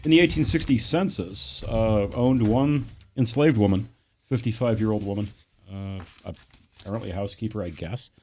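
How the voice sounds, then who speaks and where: A man's voice: lowish voice, normal speed, a little mellow, faint music behind. A man appearing as a guest guide who answers interview questions carefully, hedging as he recalls facts.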